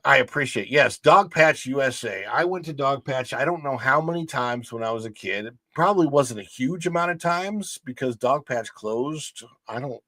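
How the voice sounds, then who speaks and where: A man's voice: mid-range voice, animated, normal speed, few pauses, bright, forceful tone, no echo. A man in his forties from St. Louis, hosting a livestream in casual rambling chat, reading out viewer comments with restarts and asides. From St. Louis, Missouri. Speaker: livestream host.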